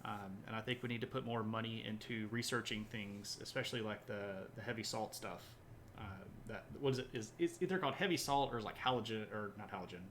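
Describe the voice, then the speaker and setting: A man's voice: on the low side, fast, fairly bright tone, slight background noise. A man hosting a live history stream, chatting casually with viewers, full of fillers and restarts. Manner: rambling, many fillers and restarts, laughs at own jokes. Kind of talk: casual chat reading viewer comments.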